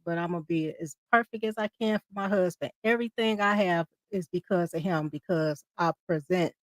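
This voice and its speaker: A woman's voice: on the low side, darkish tone, no room sound. A married woman speaking as a guest in a casual group discussion, assertive and proud.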